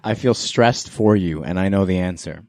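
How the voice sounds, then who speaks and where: A man's voice: low voice, normal speed, a little mellow. A Canadian man hosting a podcast, running a playful guessing game in a teasing quizmaster manner. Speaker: podcast host. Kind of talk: casual game-show chat.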